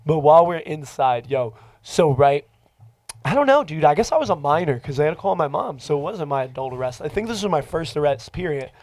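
In a slightly high voice at a brisk pace, a man shares a story in laid-back podcast conversation, with no room sound around him. He curses liberally and animatedly performs the voices of the people he quotes.

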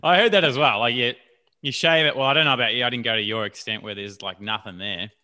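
A man's voice: medium pitch, fast talker, pushed and bright. A man hosting a podcast, laid-back and upbeat, talking in casual slang. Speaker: podcast host.

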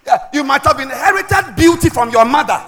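A middle-aged woman delivers a sermon in a lively, very high voice that rises and falls widely. She lands her points with loud, shouted emphasis, then sinks into low, confiding asides. The sound carries a long echo from a large hall. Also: a little fast, faint music behind. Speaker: preacher. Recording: echoey hall with long reverb.

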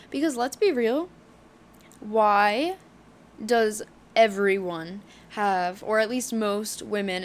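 A young woman in her twenties hosts a solo podcast, speaking at a medium pitch with frank, heated candor. Her talk is loose and full of fillers and swearing, and a faint hiss sits under the recording. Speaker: podcast host.

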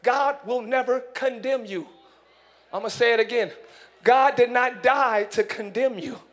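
A man pastor preaching a sermon in church, animated, acting out voices and shouting for emphasis. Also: very high-pitched, measured pace. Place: church sanctuary.

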